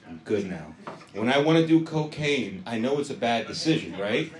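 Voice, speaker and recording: A man's voice: mid-range voice, very animated, normal speed, a little hiss or hum. A young man doing a stand-up set, loose and profane, riffing with the crowd. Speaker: stand-up comedian. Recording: echoey room recorded from afar.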